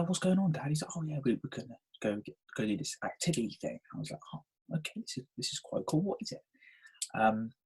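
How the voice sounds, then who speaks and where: A man's voice: fairly low pitch, slightly rough, rough recording. A man, casually telling a personal story on his podcast and often checking in with "okay?". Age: 20s. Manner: chatty, frequent "um" and "okay?" check-ins. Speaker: podcast host.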